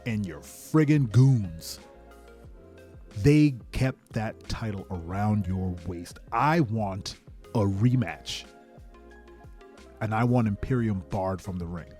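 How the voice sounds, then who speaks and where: A man's voice: lowish voice, lively intonation, takes it slowly, long pauses, dark tone, faint music behind. A man doing a battered, defiant wrestler. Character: battered male wrestler demanding a rematch, defiant.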